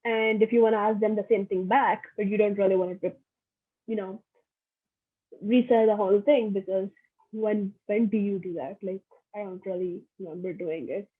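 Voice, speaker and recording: A woman's voice: mid-range voice, steady tone, breathy edge. Young woman teaching, thin phone-like audio. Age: young adult. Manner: chatty, repeats phrases slowly for practice. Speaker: French workshop teacher. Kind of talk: casual online language lesson.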